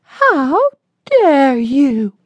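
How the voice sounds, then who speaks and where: A woman voicing a haughty, impatient young Southern lady in an audiobook, with a shrill, indignant manner. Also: lively intonation, slow pace, darkish tone, dry recording. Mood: outraged.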